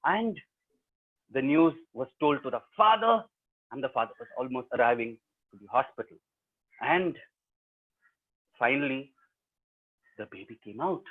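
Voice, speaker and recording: A man's voice: medium pitch, animated, a little slow, pauses often. A man with an Indian English accent telling a story animatedly to students over a webinar, quizzing the audience as he goes. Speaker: professional storyteller. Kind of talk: live oral storytelling to students. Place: remote webinar, home setup. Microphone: video call. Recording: tinny webinar call audio.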